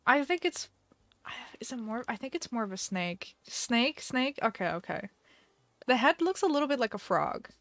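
A woman's voice: a little high, very animated, normal speed, fairly bright tone, no echo. A young woman live-streaming a video game, chatting casually with a giggly, dramatic manner and mock panic.

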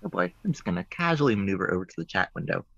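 A low-voiced man presents puzzles in a rambling, playfully deadpan way, his tone bright and forceful. He comes through a muffled, lo-fi remote call. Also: racing, gravelly. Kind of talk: joking puzzle game on a talk show.

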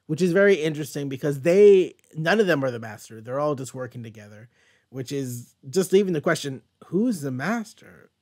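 A young man casually recapping a comic book, excited and rambling, swearing freely. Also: on the high side. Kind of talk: casual chat.

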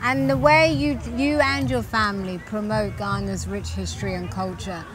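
A woman's voice: medium pitch, steady tone, moderate pace. A woman with a British accent, chatting as a guest in a casual conversation, effusive and enthusiastic.

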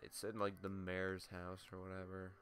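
A man's voice: deep voice, monotone, moderate pace, a bit bright, soft background music. Sweary young man narrating his game. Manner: sweary, self-mocking, talks to himself. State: runny nose. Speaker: let's play gamer. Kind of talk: casual gameplay commentary.

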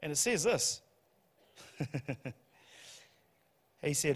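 A man preaching a sermon, telling the story in a humorous, animated way. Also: very high-pitched, moderate pace. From New Zealand. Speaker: pastor. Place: church hall. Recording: church hall reverb.

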